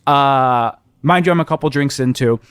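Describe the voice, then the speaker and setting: A young man casually telling a funny travel story on a podcast, animated, laughing often, with many ums. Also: mid-range voice, normal speed, smooth, no echo. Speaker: podcast co-host.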